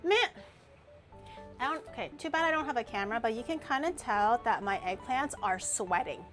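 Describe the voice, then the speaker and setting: A young woman streamer chatting casually and rambling as she cooks, with loud playful outbursts. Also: a little high, lively intonation, moderate pace, soft background music. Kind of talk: casual cooking stream chat.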